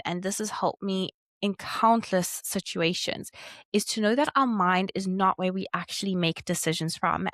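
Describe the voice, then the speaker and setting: A woman's voice: mid-range voice, dry recording. Woman, chart reader and coach; encouraging, talks straight to the client, mid-range voice, dry close sound. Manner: warm, encouraging coaching tone, acting out quoted reactions. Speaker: Human Design chart reader. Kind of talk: one-on-one reading addressed to a client.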